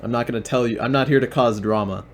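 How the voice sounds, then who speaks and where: A man's voice: medium pitch, fast. Sarcastic man commentating on videos. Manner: sarcastic, deadpan, repeats himself. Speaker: stream host and commentator.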